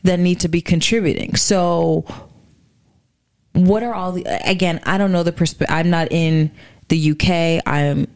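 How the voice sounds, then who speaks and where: A woman in a relaxed chat, her voice sitting a little low. She sounds skeptical and keeps asking questions, restarting her sentences as she works things out. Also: unhurried. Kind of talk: casual chat. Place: Charlotte area, US.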